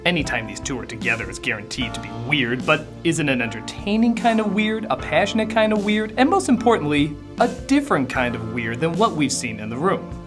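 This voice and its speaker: An actor playing a sarcastic male film review host who narrates a comedy review and breaks into exasperated yelling. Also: on the high side, lively intonation, brisk, few pauses, over music, close to an everyday voice. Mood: sardonic.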